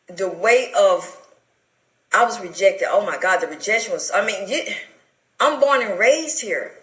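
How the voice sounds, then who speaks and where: A middle-aged woman with an Atlanta, Southern US accent speaks in a slightly high, sharp voice, recorded roomy and low in quality. As a guest on a radio talk show, she gives testimony about her life story with emotional, preacherly fervor.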